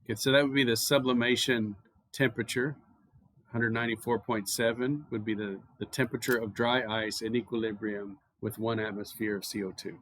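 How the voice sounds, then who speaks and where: A man's voice: lowish voice, a little fast. An American man lecturing on chemistry at a university, explaining casually and telling stories with plenty of fillers. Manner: relaxed, anecdotal explaining with filler words. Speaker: chemistry professor.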